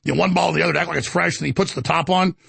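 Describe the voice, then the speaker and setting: Gravelly, raspy male talk host. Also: a little high, very fast, no room sound. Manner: rambling, animated, indignant. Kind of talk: ranting monologue.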